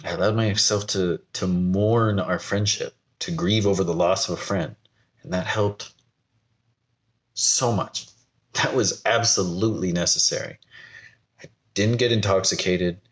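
A man's voice: sits low, a little slow. Candid, rambling man vlogging. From United States. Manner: candid, rambling, laughs at himself. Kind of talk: personal talk to camera.

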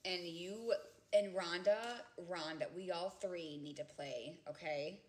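A woman in her thirties chatting casually with viewers on a livestream from home. She is giggly and chatty, and she often breaks into loud laughter. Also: fairly low pitch, slow pace, a little hiss or hum. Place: home, indoors.

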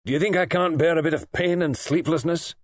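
A bitter, down-and-out patient, played by a male audiobook reader, curt and contemptuous in every reply. His low, husky voice swings widely between sour mutters and sharp outbursts, recorded dry and close. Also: lively intonation, normal speed, no room sound. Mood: irritable. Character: bitter, bad-tempered hospitalized man, down and out.

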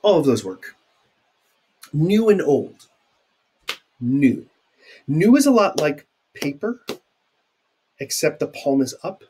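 A man's voice: on the high side, very animated, takes it slowly, long pauses, mellow, a little hiss or hum. A man teaching sign language vocabulary in a recorded video lecture, chatty and informal, with fillers and asides.

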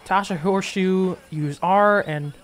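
A man's voice: high-pitched, measured pace, slight background noise. A man casually commenting while playing a game, thinking aloud with restarts. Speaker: gameplay streamer.

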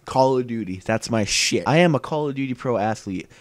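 A man's voice: medium pitch, expressive, a little fast. A young man commentating his own shooter gameplay, swearing often and breaking into frustrated outbursts. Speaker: gaming YouTuber.

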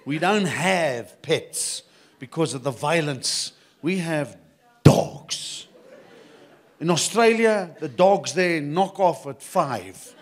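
A South African man works a live comedy crowd with a fairly high voice. He talks in short punchy lines and slips in quick asides to the audience. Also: lively intonation. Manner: punchy, conspiratorial asides to the crowd, mock accents. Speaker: stand-up comedian.

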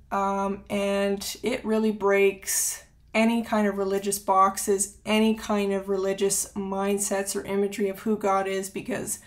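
A woman hosting a devotional channel, talking casually and then reading a prophetic word aloud with earnest, dramatic emphasis. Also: medium pitch. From Canada. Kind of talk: devotional reading and prayer talk.

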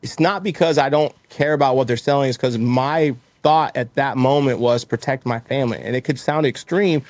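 A man on a casual podcast, telling animated stories and acting out little exchanges in quoted voices. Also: medium pitch, normal speed, dry recording. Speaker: guest, roofing company owner.

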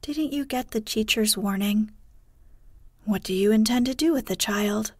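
A woman voicing a kindly old male village pastor in a story, speaking earnestly and gently in a hushed bedtime read. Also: medium pitch, moderate pace, no room sound, studio quality, close to an everyday voice.

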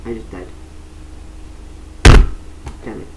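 A young woman casually commenting on her gameplay, chatty and excitable, often laughing and shrieking. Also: slow, echoey room, very noisy. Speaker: gaming streamer.

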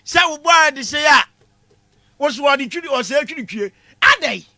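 A man lecturing a class for laughs, his voice pitched very high and sharply bright. He gets animated, shouts his punchlines and laughs at his own jokes. The recording is close and dry. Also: normal speed, no room sound. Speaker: comedy lecturer.

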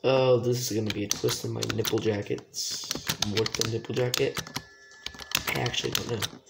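A man's voice: fairly low pitch, fairly even intonation, moderate pace, creaky. Swearing, self-mocking young gamer guy. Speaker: gamer streamer. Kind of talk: live gameplay commentary. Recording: echoey room with background noise and keyboard clicks.

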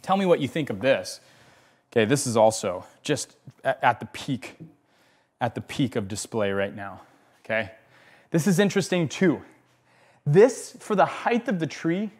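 Animated man teaching bonsai display. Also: medium pitch, measured pace, pauses often. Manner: animated, repeats phrases, checks in with "okay?" and "right?". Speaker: bonsai instructor. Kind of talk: hands-on demonstration talk.

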